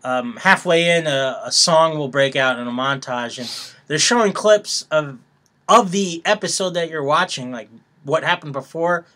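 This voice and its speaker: A man's voice: on the high side, moderate pace, pushed and bright. A young man co-hosting a podcast, explaining things in a rambling way with many fillers. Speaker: podcast co-host. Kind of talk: casual chat.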